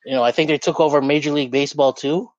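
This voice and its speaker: A man's voice: on the high side, fairly even intonation, racing, dry recording. A man co-hosting a casual podcast, rambling with lots of "like" and "you know". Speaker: podcast co-host. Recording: dull lo-fi mic.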